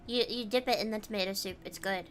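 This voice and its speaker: A woman's voice: mid-range voice, steady tone, fast, soft background music. A woman streamer chatting casually while gaming, reading viewer comments aloud and answering them.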